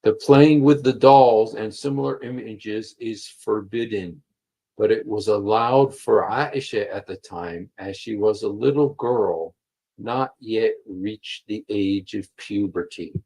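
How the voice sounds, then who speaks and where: A man leads a live stream, reading texts aloud and stopping to press his points with repetition. His voice is on the low side and husky. He speaks slowly through a computer mic. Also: mellow, low-quality recording. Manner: emphatic, repeats key phrases, many fillers. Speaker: livestream host. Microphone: computer mic while streaming.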